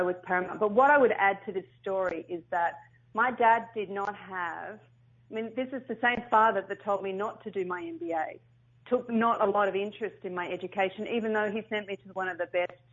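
A woman's voice: medium pitch, fairly quick. A middle-aged woman, a company founder telling her story earnestly in an interview. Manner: earnest, animated storyteller with restarts. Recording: muffled lo-fi sound.

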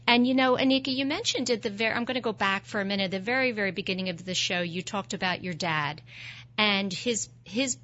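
A woman's voice: medium pitch, fairly quick, a bit bright. A woman hosting an interview, asking questions and affirming her guest's story in an engaged way. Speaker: podcast host. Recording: muffled lo-fi sound.

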